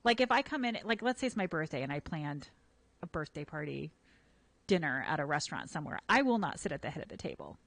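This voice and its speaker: A woman co-hosting a radio show, chatting casually and telling stories in an animated, rambling way full of fillers. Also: low-pitched, quick pace, no echo. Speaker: radio co-host. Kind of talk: casual on-air chat. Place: radio studio.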